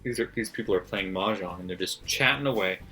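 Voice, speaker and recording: This book vlogger talks fast, with a low, sharp-toned voice, as he casually shares the notes he scribbled in a book's margins. He laughs a lot and curses without restraint, with faint music playing behind him.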